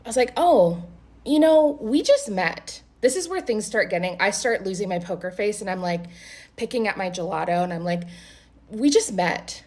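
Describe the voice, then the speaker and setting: Animated, foul-mouthed woman telling a story. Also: mid-range voice. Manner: animated, profane, quoting both sides of a conversation. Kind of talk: casual storytime to camera.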